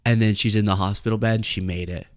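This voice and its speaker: A young man hosts a casual commentary podcast, rambling as he improvises a comic bit. His voice is smooth and clear, recorded close on a dry mic, and his pitch jumps around as he riffs. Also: fairly even intonation, quick pace, no room sound. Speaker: host.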